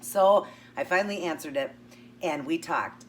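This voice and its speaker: A woman keto vlogger chats while eating, telling a personal story and acting out both sides of the conversation. Her voice sits low and moves at a normal speed, picked up by a distant mic with a faint hum.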